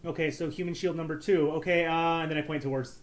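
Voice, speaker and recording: Brief: player, casual, stammery jokes, a bit high voice. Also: male voice, fairly even intonation, quick pace. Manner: joking, stammering. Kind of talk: casual game talk.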